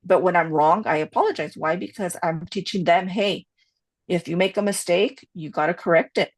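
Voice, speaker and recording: Speaking at a moderate pace in a fairly low voice, a podcast co-host tells candid stories in a relaxed chat, mixing in bits of Spanish. She's chatty and leans on "you know" a lot, and the recording is dry.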